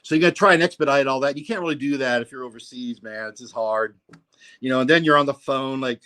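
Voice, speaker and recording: A man's voice: mid-range voice, expressive, fast, sharp tone. A man hosting a casual livestream, rambling and profane, full of "you know, man.". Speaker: livestream host.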